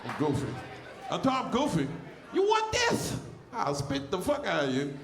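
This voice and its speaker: A man in his forties with a lisp, doing a loud, crude stand-up comedy set on stage, often shouting at the crowd. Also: on the high side, very animated, a little fast, gravelly, roomy sound. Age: 40s.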